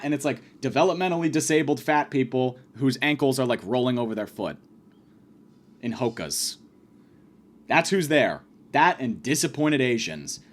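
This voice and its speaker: Young man, comedic rant, crude, rambling, very lively pitch.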